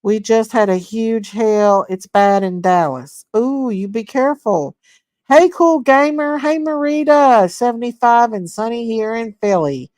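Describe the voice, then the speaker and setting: A woman hosting a casual livestream. She reads viewer comments aloud, greets people by name and gushes with excitement. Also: a little high, a little slow, no room sound, clean studio sound. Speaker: livestream host. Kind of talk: casual live chat reading viewer comments.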